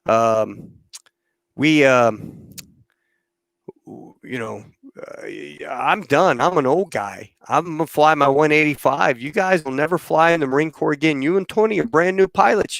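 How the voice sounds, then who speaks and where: A man playing a gruff older male pilot who delivers a prank with blunt, deadpan talk and swearing. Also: fairly high pitch, normal speed, no room sound.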